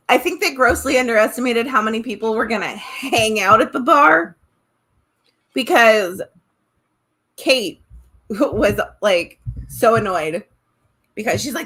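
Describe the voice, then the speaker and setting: A woman co-hosting a podcast who tells stories in an animated, sarcastic way and giggles often. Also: fairly high pitch, measured pace, long pauses, husky. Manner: animated storyteller, self-described sarcastic, giggly. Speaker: podcast co-host. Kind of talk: casual podcast chat.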